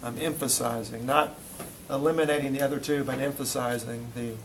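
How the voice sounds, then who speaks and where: A man's voice: mid-range voice, steady tone, brisk, noisy background. Man teaching a hands-on anatomy class. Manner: questioning students, demonstrating on a volunteer. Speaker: physical therapy instructor. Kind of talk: classroom demonstration lecture.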